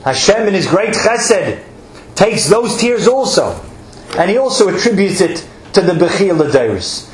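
This rabbi's earnest sermon moves at a measured pace, his high voice swinging widely in pitch as he stretches words for emphasis and uses Hebrew terms. Slight background noise mixes with the faint ambience of an echoey room.

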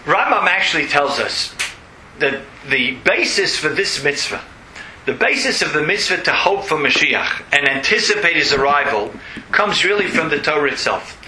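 A man's voice: fairly high pitch, very animated, normal speed, sharp tone, echoey room, a little hiss or hum, low-quality recording. A man giving an earnest religious lesson, telling a story and explaining it, often repeating key phrases for emphasis. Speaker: religious teacher.

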